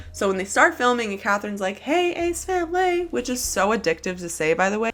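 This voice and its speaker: A woman's voice: mid-range voice, bright, forceful tone. Woman commentator, casual and sassy, curses freely, leans hard on dramatic emphasis. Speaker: commentary YouTuber.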